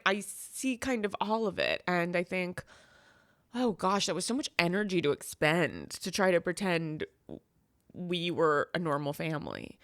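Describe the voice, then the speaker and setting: A woman's voice: fairly low pitch, dry recording, studio quality. A woman guest in an interview, telling a personal family story with feeling and acting out the voices of the people in it. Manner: animated, acts out quoted voices in storytelling. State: crying at times.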